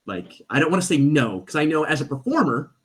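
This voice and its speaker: Slightly high-pitched and brisk, this man is a stage performer guesting on a podcast. He tells a casual story with animation, voicing the characters he quotes.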